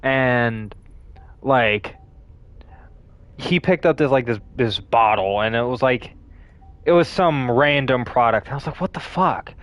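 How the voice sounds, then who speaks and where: A man's voice: medium pitch, unhurried, long pauses, no echo, highs cut off. A young man streaming a game, telling a story in a rambling, casual way with lots of fillers and swearing. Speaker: gaming streamer. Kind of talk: casual storytelling while gaming.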